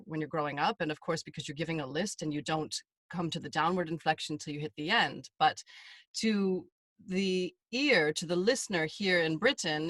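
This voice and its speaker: An American woman, a voiceover artist, explaining voice work in a relaxed interview chat. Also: fairly low pitch, no echo. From United States. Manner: demonstrates inflections while explaining.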